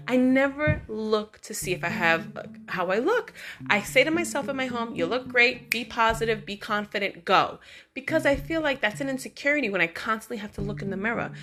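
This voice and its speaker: Woman, vlogger, casual storytelling, animated and chatty, lots of fillers, higher voice, faint background music. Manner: animated, chatty, many fillers like "like" and "you know".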